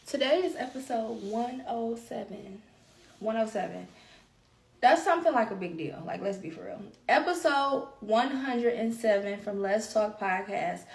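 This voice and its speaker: A woman hosts her own podcast alone, speaking candidly and at length about her feelings and repeating phrases for emphasis. Her voice is fairly high and gravelly. It was recorded from a distance, giving a roomy echo.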